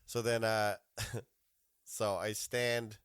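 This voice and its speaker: A man's voice: lowish voice, flat delivery, drawn-out words, fairly bright tone, clean tone. A man in his forties, a police officer and podcast host, telling profane, laughing stories in casual chat.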